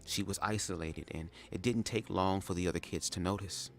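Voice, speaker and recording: A man reading a memoir aloud live, breaking off into sassy, animated asides. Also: deep voice, brisk, vocal fry, soft background music. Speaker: reader of a memoir. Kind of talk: live read-aloud with commentary.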